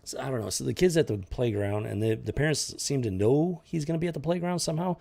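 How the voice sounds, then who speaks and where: A man's voice: mid-range voice, fast, creaky, dark tone. A man hosting a comic book review show, ranting in exasperated, incredulous casual commentary. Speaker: podcast host reviewing comics.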